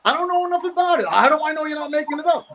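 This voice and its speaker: A man's voice: extremely high pitch, animated, rapid-fire, dull audio, crowd noise. A man calling into a live podcast from home, arguing back in a sarcastic, defensive, challenging way. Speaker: guest on call-in. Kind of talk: heated live debate.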